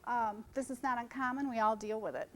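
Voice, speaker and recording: A woman's voice: a little high, fairly even intonation, fairly quick, a bit bright, a little hiss or hum, poor audio. A middle-aged woman giving a casual seminar to photographers, chatty and joking, jumping from topic to topic. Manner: chatty, jumps between topics, jokes with audience. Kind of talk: informal seminar talk to photographers. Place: conference room.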